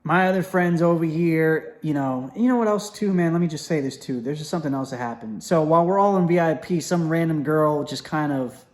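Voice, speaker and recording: A young man telling a story in a casual, animated way, acting out what others said, with many fillers and restarts. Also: a little high, brisk, few pauses.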